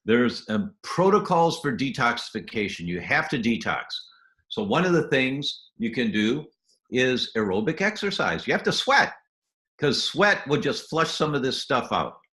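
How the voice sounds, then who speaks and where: With a mid-range, sing-song voice that sounds pushed and bright, a man talks at normal speed in an echoey room. As a guest doctor in a lively health interview, he enthusiastically explains habits step by step and sometimes acts out short quoted scenes.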